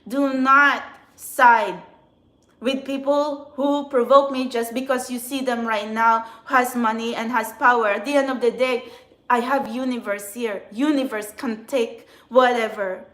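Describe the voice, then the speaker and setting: A woman, a spiritual channeler, venting in an emotional, agitated monologue outdoors in a city, swearing often and swinging between quiet and loud. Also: fairly high pitch, fairly even intonation, a little slow, echoey room. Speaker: spiritual channeler and tarot reader.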